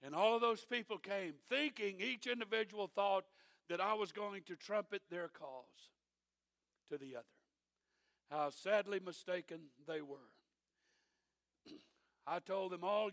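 A man's voice: sits high, unhurried, vocal fry, pauses often, a bit bright, dry recording. A middle-aged man preaching a sermon as a pastor, telling folksy stories with dry humor.

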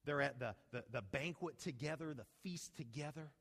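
A man preaching a sermon, retelling a story with lively rhetorical questions to his congregation. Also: fairly high pitch, moderate pace, gravelly. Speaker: pastor. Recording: long hall reverb.

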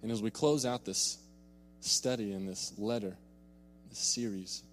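A young pastor with a lowish voice preaches a sermon, earnestly telling a personal story and repeating words for emphasis. The recording has a little hiss or hum and long reverb from a large hall.

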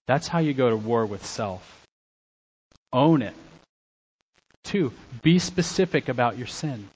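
Middle-aged guy preaching a sermon, slow and deliberate, goes loud then real quiet. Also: medium pitch, animated, slightly rough, dull audio. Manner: emphatic preaching, swings between loud exhortation and quiet asides. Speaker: pastor.

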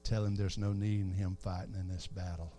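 A preacher lowering his voice to play God as a still small voice, low, hushed and soothing, speaking gently inside a sermon. The voice drops far below his normal preaching register. It stays soft and quiet, with no push or strain. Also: level tone, fairly quick, soft background music, close to an everyday voice. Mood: calm reassuring.

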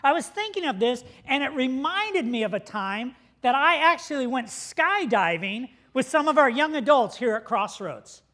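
A middle-aged man preaching a sermon as pastor, telling a story with laughs and shouted quotes. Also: extremely high pitch, very animated, normal speed, few pauses.

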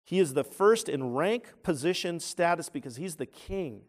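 A man's voice: fairly high pitch, lively intonation, normal speed. Emphatic man preaching a sermon. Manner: emphatic, swelling loud on key words, frequent restarts. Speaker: pastor.

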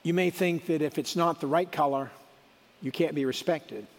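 A man's voice: a little high, normal speed, in a large hall. A middle-aged man giving a sermon in a conversational, folksy way, with asides and restarts. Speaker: preacher.

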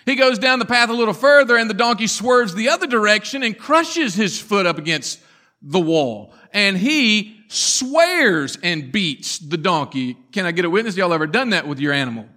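A man preaching a sermon, telling the story dramatically and swinging from loud to hushed. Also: high voice, big pitch swings, normal speed. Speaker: pastor.

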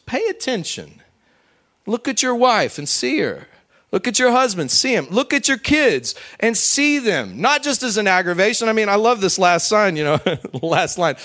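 Animated male preacher with dramatic swings. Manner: animated, swings between loud high bursts and quiet low asides; acts out quoted voices in a raised pitch. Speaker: pastor. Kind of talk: sermon.

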